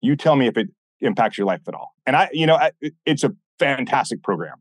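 A man guesting on a podcast, telling stories in a blunt, animated way and acting out what people said. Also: medium pitch, fast talker, no room sound. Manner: animated, blunt, swears often, acts out quoted dialogue. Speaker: podcast guest, former military instructor. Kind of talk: casual interview storytelling.

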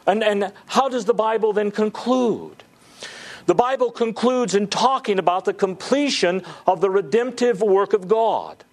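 A male pastor preaching a sermon, earnest and stretching key words for emphasis. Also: sits high.

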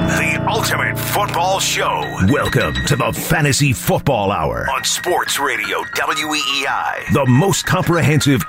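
A man reading a scripted sports radio show intro and sponsor list in a booming promo style. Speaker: station announcer. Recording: announcer over loud music. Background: loud music bed.

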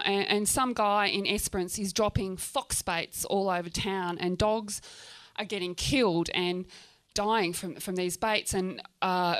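Her voice mid-range, a woman from Tasmania shares a personal story with an audience in her Australian accent. The telling is candid and animated, with plenty of swearing and scenes acted out.

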